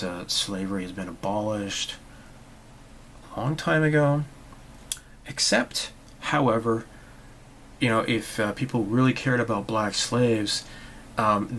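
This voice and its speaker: A man's voice: lowish voice, a bit bright, slight background noise, low-quality recording. A man hosting his own channel, delivering a sarcastic, rambling monologue full of restarts. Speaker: channel host. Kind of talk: opinionated monologue vlog.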